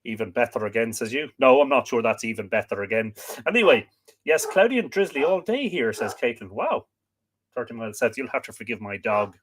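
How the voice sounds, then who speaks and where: A man's voice: mid-range voice, big pitch swings, a little fast, fairly bright tone, husky. An Irish man hosting a livestream, casually reading out and answering viewer comments with many fillers. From Ireland. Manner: chatty, reads out names and greetings with frequent fillers. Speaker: livestream host. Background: dog barking at times.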